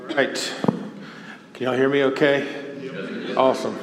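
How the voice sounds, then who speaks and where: Southern preacher in a reverberant hall. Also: male voice, mid-range voice, steady tone, a little slow, background noise. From Texas. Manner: folksy and chatty, laughs often. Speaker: guest preacher. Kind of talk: sermon. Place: church sanctuary. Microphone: stage microphone.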